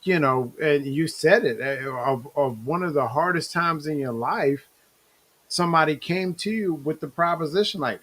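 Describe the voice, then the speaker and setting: A man's voice: fairly high pitch, normal speed, a bit bright. A man hosting a casual interview, hesitant and repeating words as he asks questions. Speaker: host.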